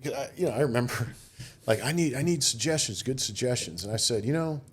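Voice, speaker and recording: A man's voice: mid-range voice, animated, a little fast, husky. A middle-aged man, a retired military officer, telling rambling anecdotes and quoting others in a casual interview. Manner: rambling anecdotes with quoted voices. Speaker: guest, retired Marine officer.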